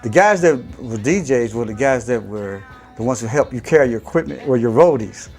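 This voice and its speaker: A man in an interview explaining forcefully how things worked. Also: medium pitch, lively intonation, a little fast, faint music behind. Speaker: interviewee, musician.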